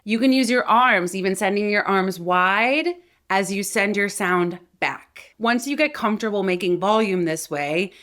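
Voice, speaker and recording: A woman voice coach giving an energetic, demonstrative lesson on vocal projection, shifting between louder and quieter speech to show the technique. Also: medium pitch. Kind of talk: instructional video lesson.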